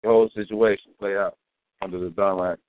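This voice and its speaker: A man's voice: lowish voice, flat delivery, fairly quick, dry recording. Musing man, tinny phone-like sound. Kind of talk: casual chat.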